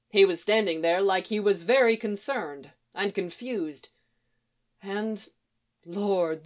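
A woman reading fiction aloud in a steady, expressive storytelling manner. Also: medium pitch. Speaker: reader.

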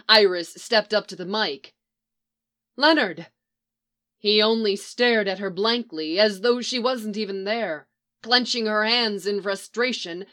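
A woman narrating a story aloud in a steady, measured reading. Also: fairly high pitch.

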